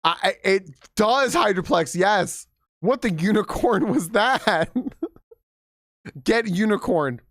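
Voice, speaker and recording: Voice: mid-range voice, animated, slow, a bit bright, no echo, clean studio sound. A young adult live streamer chatting casually with viewers, giggling often, swearing freely and rambling through restarts.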